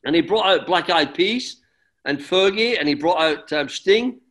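A middle-aged man, a former footballer, telling relaxed stories as an interview guest, rambling with restarts and friendly "mate"s. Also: high-pitched, a little slow. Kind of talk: relaxed anecdotal storytelling.

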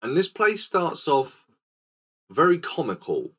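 A man's voice: a little high, huge pitch swings, takes it slowly, a bit bright, slightly rough. A man hosting a casual film podcast, rambling and quizzical as he recaps a scene. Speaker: podcast host. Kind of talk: casual film-review chat.

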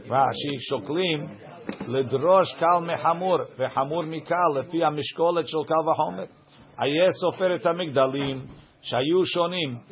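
A man teaching a Talmud class, reading each phrase of the text and then explaining it line by line. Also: on the high side. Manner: reads Aramaic text then translates it line by line. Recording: dull lo-fi recording.

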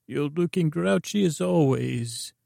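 Pushing his gravelly, slightly high voice up and acting heavily, a man plays a bumbling, chatty old traveling storyteller who rambles, gets excitable, and keeps interrupting himself at an unhurried pace. The recording is dry and clean, at studio quality.

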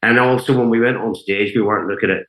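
A very deep-voiced, middle-aged man with a Northern Irish accent settles into a casual interview as a guest guitarist. He tells meandering anecdotes and acts out what others said, his talk dotted with fillers. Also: steady tone, fast, fairly bright tone, poor audio. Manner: rambling anecdotes, quoting others, many fillers.

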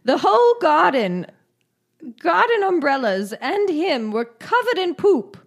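A woman putting on a deliberately bad English accent to voice a prim, appalled woman councillor in a podcast. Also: on the low side, steady tone, darkish tone, natural voice.

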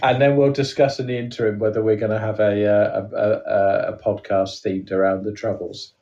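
A man's voice: on the low side, level tone, a little fast, a little mellow. A man co-hosting a comedy podcast, rambling and hesitant in a playful chat. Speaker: podcast co-host. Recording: dull, distant podcast audio.

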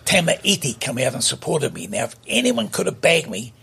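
A man's voice: fairly high pitch, very animated, normal speed, vocal fry, a bit bright, a little hiss or hum. An older man, telling stories bluntly and emphatically as a podcast guest. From New Zealand. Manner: blunt, emphatic, repeats himself. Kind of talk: casual interview storytelling.

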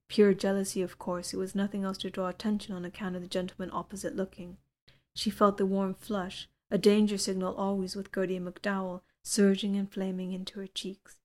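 A woman reading a literary novel aloud as an audiobook narrator, in a measured, even storytelling delivery. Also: mid-range voice. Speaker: audiobook reader.

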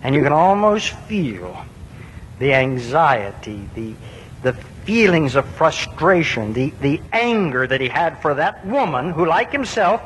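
Preacher, male, slightly high voice, earnest sermon delivery, long reverb. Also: a bit bright. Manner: earnest, with emphatic repetitions and rhetorical questions. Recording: long reverb with faint low rumble.

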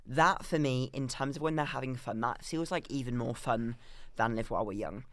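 A man's voice: medium pitch, normal speed, dry recording. A man co-hosting a podcast in casual chat, gushing with effusive praise. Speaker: podcast co-host.

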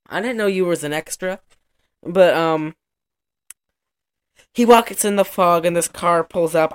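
A woman's voice: sits low, a bit bright. A woman in a casual chat, recapping a movie in a chatty, profane way and laughing often.

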